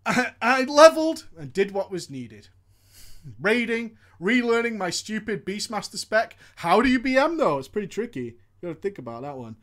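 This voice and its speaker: Reading a viewer's gaming story out loud for laughs, a man keeps stopping to laugh, swear and add his own comments. He's animated and swears freely, his high-pitched voice going at a normal speed.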